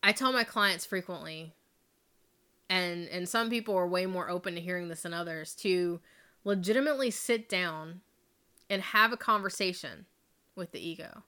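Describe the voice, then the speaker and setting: A woman's voice: medium pitch, sharp tone. A woman hosting her own podcast as a life coach, talking off the cuff in a candid, chatty way with casual swearing and tangents. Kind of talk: casual unscripted podcast monologue. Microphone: studio microphone.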